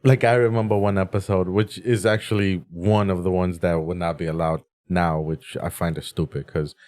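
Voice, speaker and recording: A man's voice: deep voice, moderate pace. A man co-hosting a podcast, chatting casually and laughing as he tells stories. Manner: relaxed, laughs through his stories. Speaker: podcast co-host. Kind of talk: casual chat.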